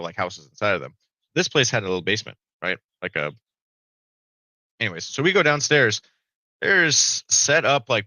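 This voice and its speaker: A man's voice: fairly low pitch, bright, forceful tone, no echo, poor audio. A middle-aged man, a podcast guest, telling a story in a casual way, swearing freely and tagging lines with "right?".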